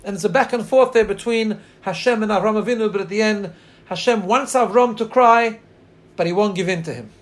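Male Torah teacher, high-pitched, earnest storyteller who drags out quoted lines and stops to find his place. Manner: pauses to share screen and look up text. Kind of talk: Torah class.

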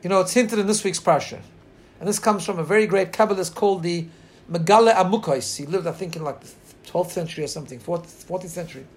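Male Torah teacher, high-pitched, earnest storyteller who drags out quoted lines and stops to find his place. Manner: pauses to share screen and look up text. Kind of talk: Torah class.

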